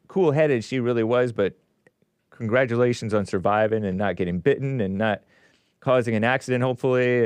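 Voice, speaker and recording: Male host, casual commentary with sarcastic asides, mid pitch, very animated, dry close sound. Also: smooth, dry recording. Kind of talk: casual commentary reading news aloud.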